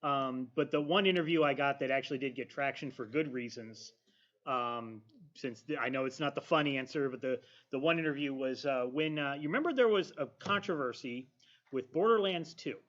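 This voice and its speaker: A man's voice: mid-range voice, moderate pace. A man who runs a podcast, telling a detailed story on a panel. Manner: steady, detailed anecdote telling. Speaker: podcaster and streamer. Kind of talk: casual panel chat. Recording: dull lo-fi audio.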